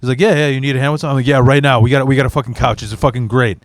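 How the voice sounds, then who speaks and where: A podcast co-host with a mid-range man's voice tells stories and makes crude wisecracks in relaxed, profane chat. The sound is dry and close, with nothing in the room around it. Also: medium pitch, racing, no room sound. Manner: wisecracking, profane, jokey asides. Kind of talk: casual chat.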